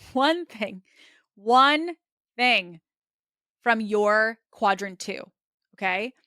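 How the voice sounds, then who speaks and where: A woman's voice: medium pitch, a bit bright, smooth, no echo, clean studio sound. A woman hosting a solo business podcast, coaching listeners step by step in a direct way and often checking in with "okay?".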